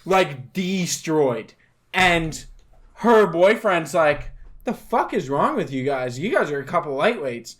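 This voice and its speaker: A man's voice: a little high, sing-song, takes it slowly. Profane, rambling man. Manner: rambling, profane storytelling that grows loud and laughing. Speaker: podcast co-host. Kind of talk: casual chat.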